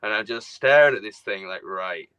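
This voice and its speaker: A man co-hosting a casual podcast chat, telling stories in a lively way and acting out his own reactions. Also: fairly low pitch, normal speed, smooth, no echo, lo-fi sound. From outside the United States. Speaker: podcast co-host.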